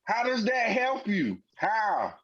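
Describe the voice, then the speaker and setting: A man's voice: sits high, slow. A man co-hosting a sports podcast, arguing emphatically in casual slang. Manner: animated, emphatic, heavy slang. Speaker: podcast co-host. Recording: dull lo-fi podcast audio.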